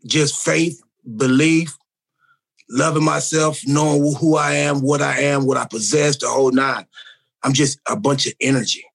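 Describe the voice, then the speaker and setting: A man's voice: a little high, fairly even intonation, moderate pace, gravelly. A middle-aged man as a podcast guest in casual chat, rambling and earnest, full of slang.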